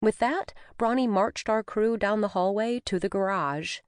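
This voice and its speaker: A woman narrating a cozy mystery audiobook in the first person, with an expressive storytelling manner. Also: mid-range voice, measured pace, clear, resonant tone, dry recording, studio quality. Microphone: studio microphone.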